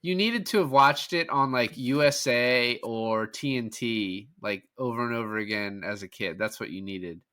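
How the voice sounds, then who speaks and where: Bright-voiced man in animated movie chat. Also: medium pitch. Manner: animated, acts out movie scenes in quick quoted bits. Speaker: podcast guest.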